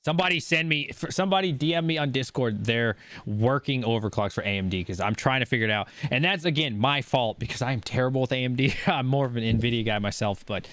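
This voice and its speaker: A man hosting a casual call-in show, enthusiastic, with quick upbeat reactions. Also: mid-range voice, fairly bright tone, no room sound. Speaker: show host.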